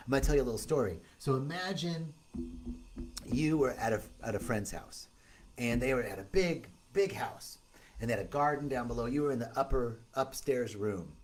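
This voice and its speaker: A man's voice: medium pitch, darkish tone. Man on a live stream, rambling and upbeat, greets viewers by name. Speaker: retreat host. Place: outdoor retreat in tropical setting.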